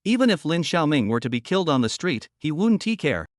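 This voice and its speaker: A man's voice: fairly high pitch, big pitch swings, fairly quick, dry recording, clean studio sound. A man narrating a comic story recap in a scripted, dramatic storytelling style.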